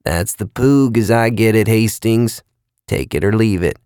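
A man narrating a story, voicing a frightened man who pleads in halting, strained bursts. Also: fairly low pitch, a little mellow, clean tone, no room sound, clean studio sound, close to an everyday voice. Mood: flat. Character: frightened man losing touch with reality.

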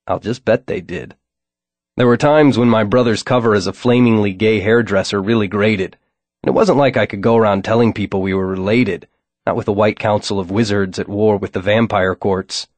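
Male narrator, low voice, wry deadpan first-person read, dry booth sound. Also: moderate pace, no room sound. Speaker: audiobook narrator.

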